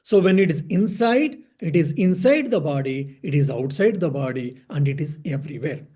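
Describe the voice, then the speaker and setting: A male monk gives a spiritual discourse in a husky, mellow voice that sits a little high for a man. He teaches patiently, poses questions to his listeners, answers them himself and repeats his key phrases for emphasis. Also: expressive, moderate pace.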